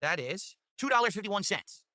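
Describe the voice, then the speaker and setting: A man's voice: sits high, very animated, moderate pace, sharp tone, no room sound, studio quality. A man livestreaming, thanking donors and boasting in a chatty, casual way.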